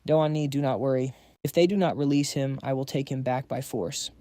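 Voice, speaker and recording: A man's voice: medium pitch, fairly even intonation, brisk, dark tone, no room sound, studio quality, natural voice. A man voicing a bossy powerful father. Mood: commanding. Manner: bossy and blunt. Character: proud powerful middle-aged father, boss.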